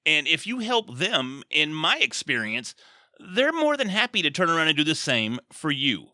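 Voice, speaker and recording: A man in his fifties hosting a casual podcast conversation, agreeable and animated, speaking in quick bursts. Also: on the high side, no echo, clean studio sound.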